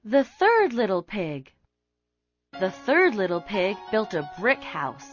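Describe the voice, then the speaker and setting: A woman narrating a children's storybook in an expressive, unhurried way. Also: medium pitch. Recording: slightly dull recording with music behind.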